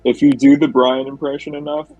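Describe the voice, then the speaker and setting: Male co-host, husky mid-pitched voice, loose rambling talk, dry sound. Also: flat delivery, a little fast, dark tone, no room sound, highs cut off, faint music behind. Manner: rambling, many "like" fillers. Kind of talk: casual group chat.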